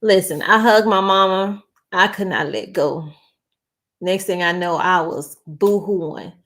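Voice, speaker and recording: A woman's voice: mid-range voice, unhurried. A middle-aged woman, hosting a casual news vlog and greeting viewers by name. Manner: chatty, warm-hearted, talks to viewers by name. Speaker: channel host.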